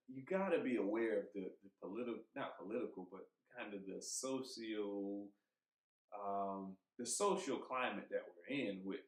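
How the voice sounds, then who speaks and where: Emphatic swearing man, roomy podcast sound. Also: fairly low pitch. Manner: heated, emphatic, swears freely, thinks aloud with restarts. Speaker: podcast co-host. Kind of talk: casual podcast chat. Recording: roomy echo.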